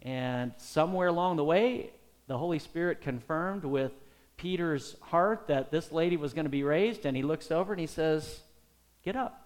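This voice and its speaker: A middle-aged man preaching a sermon as pastor, animated and putting many questions to his listeners. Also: on the high side, normal speed.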